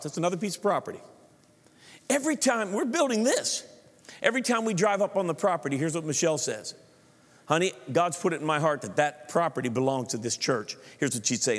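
A middle-aged pastor preaching to his congregation, in a voice a little higher than most men's. He talks animatedly, acts out his inner thoughts and keeps asking the crowd questions. The sound rings with the long reverb of a large church hall. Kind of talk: sermon.

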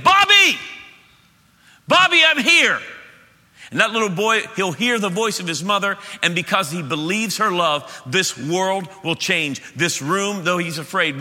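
Bright-voiced preaching man in a hall. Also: high-pitched. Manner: impassioned, rising to shouts at peaks. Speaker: pastor. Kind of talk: sermon. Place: church auditorium. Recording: reverberant church hall.

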